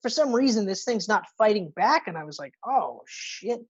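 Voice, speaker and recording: Woman co-host, excitable, swears a lot, acts out scenes, lo-fi sound. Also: mid-range voice, fast, breathy edge. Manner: animated retelling, profane, acts out characters' lines. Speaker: podcast co-host. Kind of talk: casual movie review chat.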